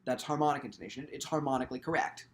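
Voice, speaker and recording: A man's voice: mid-range voice, racing, over loud music. A man teaching violin in an instructional video, speaking thoughtfully and often restarting his sentences with ums.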